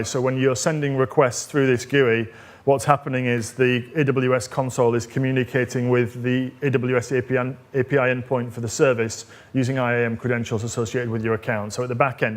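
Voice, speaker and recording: Man walking through a live tech demo. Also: mid-range voice. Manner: conversational, explaining step by step with frequent fillers. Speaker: technical evangelist presenting a demo. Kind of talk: live coding demo presentation.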